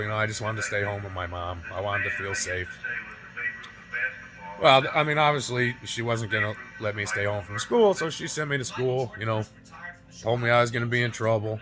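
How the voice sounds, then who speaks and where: This fitness vlogger in his forties has a fairly low voice, captured on a rough recording with music playing. Raw and near tears, he recounts a painful personal story to camera, cursing often and tagging lines with "right?" and "you know?".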